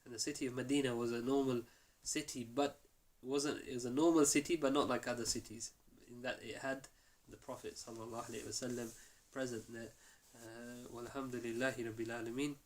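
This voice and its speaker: A man teaching a mosque class, telling the story in a lively way and acting out the quoted lines. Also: mid-range voice, a little fast, hardly any pauses. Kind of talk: storytelling lesson.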